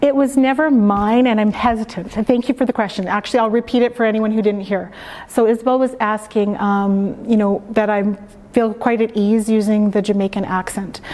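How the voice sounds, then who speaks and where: A woman from Canada reading her own book aloud in a slow, measured way, then answering questions thoughtfully. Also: mid-range voice, darkish tone. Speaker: author. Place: library event room. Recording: long hall reverb.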